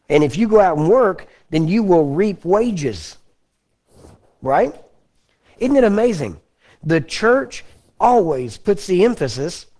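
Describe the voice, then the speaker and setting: A man from Texas preaching a teaching sermon. He talks in a folksy way, keeps checking in with "Amen?" and "You understand?", clears his throat often and slows down to read scripture. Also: a little high, warm tone. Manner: slows down when reading scripture.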